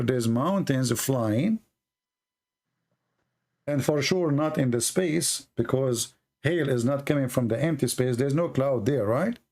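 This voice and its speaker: A man hosting a combative debate, pressing his caller with sarcastic, slowly repeated questions. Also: medium pitch, a little mellow. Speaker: debate host. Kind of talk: combative live call-in debate.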